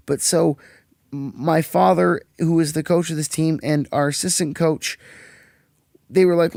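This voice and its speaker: A man's voice: a little high, steady tone, brisk, creaky, darkish tone, dry recording, studio quality. A young man hosting a casual podcast, a profane, rambling storyteller who acts out the quotes. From Canada. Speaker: podcast host.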